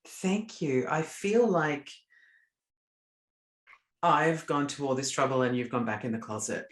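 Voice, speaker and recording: A man's voice: mid-range voice, a little slow, echoey room. A man, joking cheekily and campily as a podcast co-host. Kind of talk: casual chat.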